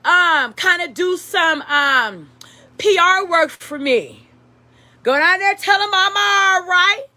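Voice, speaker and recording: A woman's voice: very high-pitched, expressive, takes it slowly, pushed and bright, exaggerated voice. Woman doing a bossy jailed mogul. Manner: bossy, profane instructions. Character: jailed male mogul giving orders.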